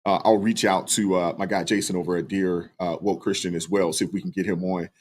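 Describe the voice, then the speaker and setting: A man hosting a live stream, reading viewer super chats and talking through them in a relaxed way, with lots of fillers. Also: sits low, brisk. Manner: relaxed, many fillers, thanks viewers by name. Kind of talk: casual live stream commentary.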